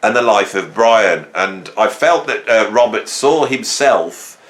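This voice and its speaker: A man's voice: lowish voice, animated, slow, a bit bright. A man from England hosting a rambling comic monologue, joking and telling stories with sudden jumps in his voice. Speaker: host.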